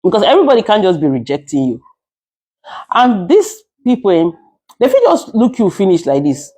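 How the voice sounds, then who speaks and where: Speaking to camera with a Nigerian accent, a woman who creates content and works as a caregiver lectures emphatically with casual advice, sometimes switching to Nigerian Pidgin. Her medium-pitched, mellow voice swings hugely in pitch at a normal speed, with no room sound.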